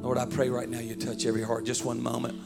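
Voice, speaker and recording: A man preaching a sermon as pastor, telling stories with rising, animated delivery that breaks into shouts. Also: medium pitch, fast, vocal fry, in a large hall, over loud music.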